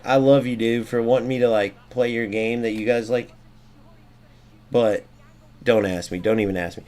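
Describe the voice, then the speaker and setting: Brief: young male streamer, mid-pitch, excitable live gameplay commentary, swears freely, rants. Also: brisk. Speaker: gaming streamer.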